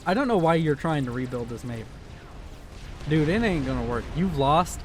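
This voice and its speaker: A young man casting a strategy video game, excitable and joking, swearing freely as he reacts to the action. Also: on the high side, moderate pace, a little hiss or hum. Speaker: game caster. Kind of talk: casual profane game commentary.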